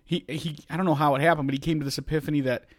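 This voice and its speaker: A man's voice: on the high side, fairly even intonation, rapid-fire, dry recording. A man, a podcast co-host, telling a family anecdote in casual chat with dry asides.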